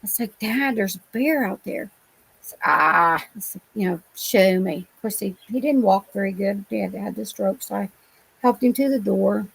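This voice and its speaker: Middle-aged woman guest, gravelly voice, homespun and rambling storyteller. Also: medium pitch, moderate pace, low-quality recording. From Ohio. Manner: rambling, colloquial, many restarts. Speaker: interview guest. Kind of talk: telling personal encounter stories.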